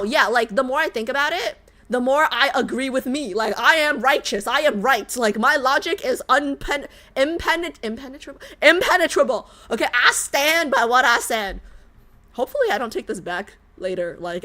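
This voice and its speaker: A woman streaming a casual reaction chat with a fairly high voice. She talks in an animated, emphatic way, repeating words for stress. She swears freely. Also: moderate pace.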